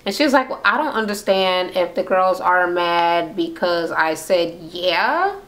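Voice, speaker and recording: A woman's voice: lowish voice, expressive, a little slow, fairly bright tone. A woman casually recapping a reality show, swearing freely and acting out everyone's lines in different voices. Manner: profane, acts out quotes in varied voices. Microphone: camera mic.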